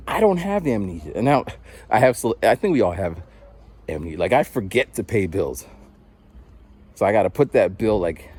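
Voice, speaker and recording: A man's voice: low-pitched, darkish tone. A man in his forties rambling casually to the camera while out on a walk, switching into other people's voices to act them out. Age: 40s. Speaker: vlogger and rapper. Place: outdoors on a walk.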